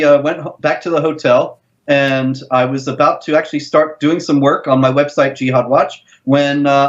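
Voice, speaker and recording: A man answers interview questions in a measured, deliberate way, slowing down on key points. The sound is dull and lo-fi, as if coming in over a remote line. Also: mid-range voice. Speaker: guest.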